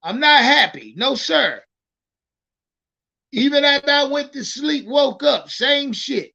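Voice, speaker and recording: A man hosting a casual livestream about football, talking in an animated, profane way and repeating words as he starts his thoughts. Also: very high voice, slow pace, gravelly, muffled recording. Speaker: livestream sports host.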